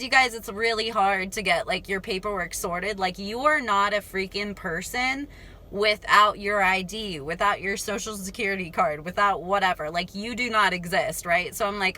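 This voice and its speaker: With a sharp tone at medium pitch, this young woman chats through a relaxed storytime vlog. She laughs a lot and talks directly to her audience, whom she addresses as "you guys."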